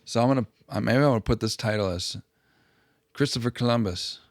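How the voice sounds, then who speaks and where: A man's voice: medium pitch, brisk, no room sound, clean studio sound. A man hosting a history channel, rambling through profane, mocking comedic commentary full of asides and restarts.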